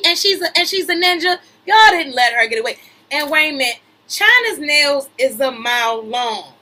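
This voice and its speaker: A young adult podcast host reads celebrity gossip aloud and riffs on it animatedly, peppering her commentary with slang, laughter, and repeated "wait a minute"s that cut into her own sentences. Her high voice comes across bright and forceful, though the audio quality is poor.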